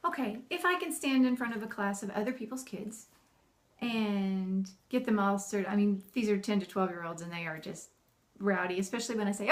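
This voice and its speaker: This homeschooling mom speaks in a mid-range voice, a little on the fast side. She's talking to the camera in a relaxed, chatty way, animated and laughing a lot as she imitates the bossy and cheerful tones she takes with her children.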